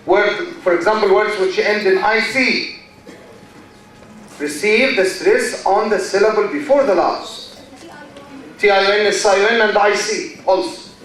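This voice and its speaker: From a distance in a large, echoing lecture hall, an Egyptian university lecturer gives a class. His voice is high and a bit bright, and he talks slowly, repeating words and throwing questions at his students.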